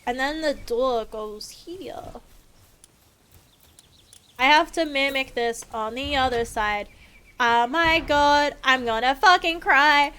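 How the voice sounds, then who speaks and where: Chatting with her viewers while gaming on a live stream, this young woman is playfully sarcastic and swears without restraint. She talks slowly in a high-pitched voice that sounds pushed and bright.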